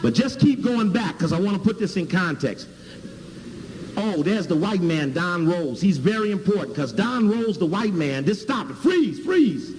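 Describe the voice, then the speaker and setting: A man lectures to a room, his pitch lively and animated as he leans on key words and repeats them. His voice sits a little high. A long hall reverb and faint background ambience surround him. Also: moderate pace, a little hiss or hum. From Chicago. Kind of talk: lecture with video clips.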